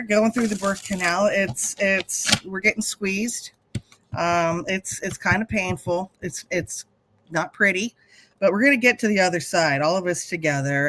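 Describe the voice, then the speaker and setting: A woman's voice: fairly low pitch, noisy background. Chatty middle-aged woman reading tarot. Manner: chatty, spiritual, earthy, swears freely. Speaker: host and tarot reader. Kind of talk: casual livestream tarot reading.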